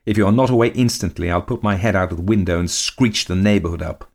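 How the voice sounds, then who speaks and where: A man voicing a greedy, shrill old countess who screeches and scolds. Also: steady tone, a little slow.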